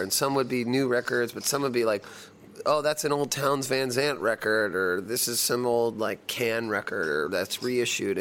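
A man's voice: mid-range voice, fairly bright tone, a little hiss or hum. A middle-aged man, a touring musician from the United States, talking casually in an interview and rambling with restarts and fillers.

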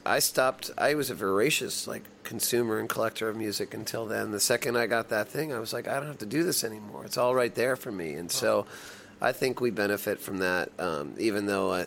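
A middle-aged man with a lowish voice talks loosely about the music business. He restarts his sentences and fills them with "like" and "you know". A faint hiss of room noise sits under his voice. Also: a little fast, gravelly, few pauses, a bit bright. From United States. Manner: rambling, many restarts and fillers. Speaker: touring band musician. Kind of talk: casual interview talk.

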